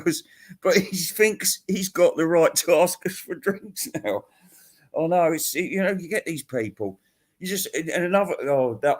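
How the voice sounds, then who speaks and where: A man hosting a rambling comic monologue, ranting crudely and laughing at his own jokes. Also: on the high side. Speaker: host answering viewer questions.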